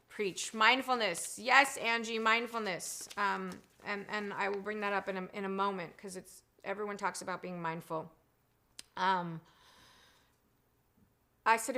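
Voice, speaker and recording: A woman in her forties hosting a casual live stream, chatty and reading out viewer comments, swinging between animated and hushed talk. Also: medium pitch, normal speed. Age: 40s.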